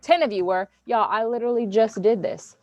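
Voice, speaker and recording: A woman teacher, running a review game for her online class in a playful, teasing, animated way. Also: a little high, a little fast, dry recording. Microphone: computer mic on video call.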